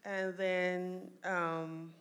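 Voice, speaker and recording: Animated woman telling a family story. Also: fairly low pitch, extremely slow. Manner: animated, laughs often, quotes others in raised voice.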